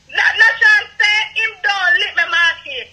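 High, bright-voiced Jamaican man. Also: normal speed, low-quality recording. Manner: rambling, repeats himself, slips into patois. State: emotional, near tears. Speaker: guest telling his story. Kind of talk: emotional live call retelling.

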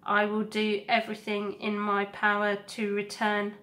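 Woman doing a calm, resolute robot mother. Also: medium pitch, a little slow, lightly acted. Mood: tender.

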